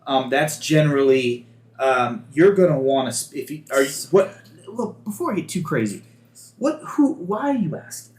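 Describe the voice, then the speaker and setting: A man's voice: on the high side, sing-song, normal speed, darkish tone, reverberant. A man narrating as game master in a rambling way, with many restarts.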